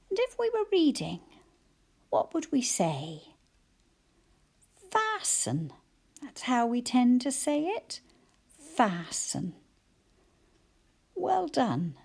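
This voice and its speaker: A woman teacher slowly sounding out letters and syllables for young children in a phonics lesson, praising them cheerfully. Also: medium pitch, creaky, mellow, breathy edge. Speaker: primary school teacher.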